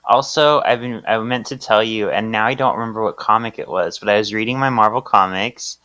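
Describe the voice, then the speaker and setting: A man's voice: on the low side, bright, forceful tone. A man co-hosting a podcast, chatty and playful as he recaps a comic. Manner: chatty, playful, does quick voices for characters. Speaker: podcast co-host. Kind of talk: casual chat recapping a comic.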